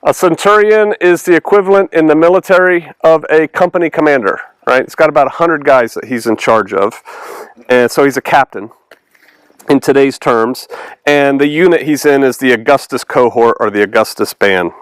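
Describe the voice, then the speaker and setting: A man's voice: medium pitch, moderate pace, clear, resonant tone, no room sound, low-quality recording. A man preaching a casual, conversational sermon, reading scripture and asking his congregation questions. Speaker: pastor.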